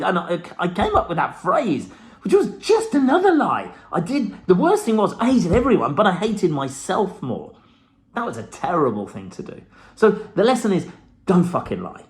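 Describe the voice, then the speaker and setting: A man's voice: high voice, wildly swooping pitch, normal speed. A middle-aged man giving a blunt, profane motivational talk to camera, with the odd laugh. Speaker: self-help vlogger.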